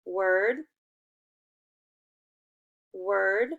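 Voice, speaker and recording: A young adult woman leads children through a phonics lesson, sounding out words slowly and patiently. Her voice sits at an ordinary middle pitch, and she keeps the pace unhurried and encouraging. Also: creaky, phone-quality sound. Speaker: teacher.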